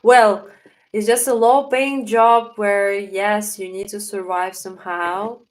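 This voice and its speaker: A woman's voice: mid-range voice, steady tone, takes it slowly, poor audio. A young woman with a Russian accent, hosting a casual livestream, answering chat questions while thinking aloud with fillers. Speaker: livestream host reading chat.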